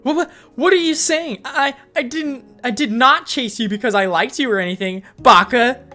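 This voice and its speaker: A woman's voice: on the high side, lively intonation, normal speed, fairly bright tone, faint music behind, pitched above the performer's own voice. A woman voicing a flustered, huffy tsundere female dinosaur monster girl in a read-aloud fanfic.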